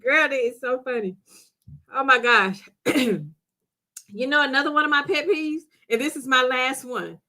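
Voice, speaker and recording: A woman's voice: high voice, unhurried, pushed and bright. A middle-aged woman hosting a live stream, chatting casually with viewers and laughing often. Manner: chatty, laughs often, talks straight to viewers as "girl" and "sis". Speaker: live-stream host reading viewer comments. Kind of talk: casual chat.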